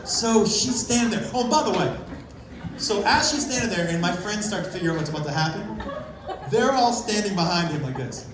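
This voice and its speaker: Animated man doing live stand-up. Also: sits high, brisk. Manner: animated, punchy, swears freely, builds to loud bursts. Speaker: stand-up comedian. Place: comedy club stage with a live audience. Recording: echoey, distant live club recording with a loud crowd.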